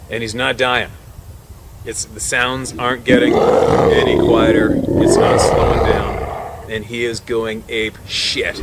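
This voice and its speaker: A man working as a hunting guide spins a vivid tale in a mid-pitched voice, laughing between phrases and dropping low before building loud again. A steady background hum runs under the recording. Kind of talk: animated storytelling.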